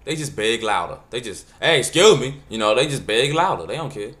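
A man with a fairly low voice tells funny everyday stories straight to the camera. He talks loose and casual and drops words. When he acts out the scenes he jumps into other voices. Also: expressive, fairly quick, fairly bright tone. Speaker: vlogger. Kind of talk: casual storytelling monologue.

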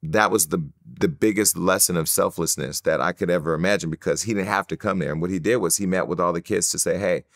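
A man from California, a guest in an interview, telling personal stories in an animated way and acting out the voices of others. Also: low-pitched, fast talker, hardly any pauses, no echo, studio quality. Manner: animated storyteller who acts out quoted voices.

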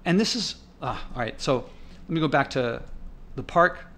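A vlogger with an expressive, medium-pitched, fairly bright voice narrates casually over his own park footage at a moderate pace. He's indignant and rambling, thinking aloud, restarting, and working himself up.

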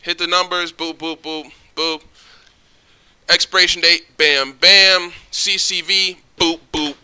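Young adult male vlogger, animated storyteller, cursing, sharp bright tone. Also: high voice, slow, smooth. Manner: excitable, profane, animated. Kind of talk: casual storytelling.

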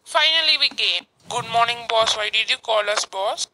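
A woman's voice: fairly high pitch, expressive, moderate pace, bright, forceful tone, slight background noise, rough recording. A woman who voices the office workers in a homemade cartoon, reading her lines plainly and simply. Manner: plain, simple line reading with short replies. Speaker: channel creator voicing the office workers.

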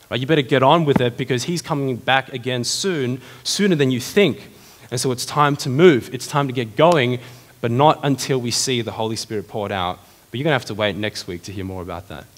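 A male pastor delivers a sermon with a middle-pitched voice and keeps it lively and conversational, tossing rhetorical questions at the congregation. His words ring out with a long reverb from the church hall around him.

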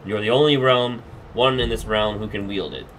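A man reading aloud as a huge demon lord who speaks slowly and deliberately. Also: lowish voice, noisy background, natural voice. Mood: grave. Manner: slow, deliberate, commanding. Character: huge slow-spoken demon lord, stern and grave.

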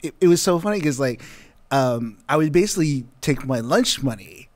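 A man as a podcast guest, telling a childhood story in relaxed casual chat with laughs. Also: a little high, normal speed, a loud crowd.

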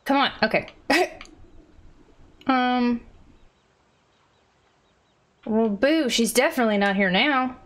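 A woman giving casual let's-play commentary, chatty and excitable, reading game text aloud. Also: on the high side, takes it slowly, pauses often.

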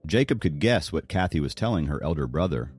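A deep-voiced man narrating a novel in an audiobook. His delivery is expressive and lively, rising and falling through the story, with faint music running underneath. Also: fairly quick, breathy edge. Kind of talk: scripted narration.

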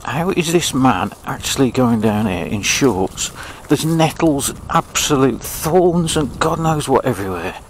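A man's voice: medium pitch, expressive, a little slow, poor audio. English man, vlogger, riding outdoors, chatty and grumbling, faint vehicle hum. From England. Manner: chatty, grumbling, self-mocking. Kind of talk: casual running commentary while riding. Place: outdoors on an old railway path.

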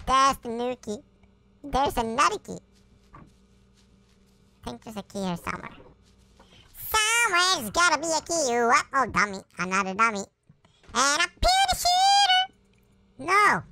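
A performer voicing a cartoon chipmunk character who gives playful, taunting gameplay commentary through a sped-up chipmunk pitch effect. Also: vocal fry, background noise, exaggerated voice. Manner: chatty, taunting, sing-song, silly exclamations. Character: hyper cartoon chipmunk gamer, squeaky and excitable. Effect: sped-up chipmunk pitch shift. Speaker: let's play host.

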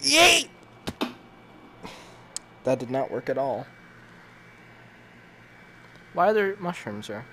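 A man's voice: medium pitch, sing-song, unhurried, pauses often, a little hiss or hum. A man reacting while playing a VR game, jumpy and panicky and swearing constantly. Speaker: gamer.

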